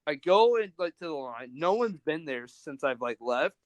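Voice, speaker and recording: Brief: young male podcast host, slightly high voice, dry close sound, swears a lot, rambles through stories. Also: very animated, normal speed, no echo, lo-fi sound. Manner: rambling, profane storytelling. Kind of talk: casual chat.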